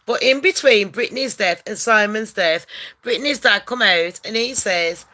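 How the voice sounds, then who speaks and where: A woman hosts a casual gossip vlog, talking in a brash, profane, rowdy way that bursts into loud rants. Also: mid-range voice, a little slow. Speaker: channel host.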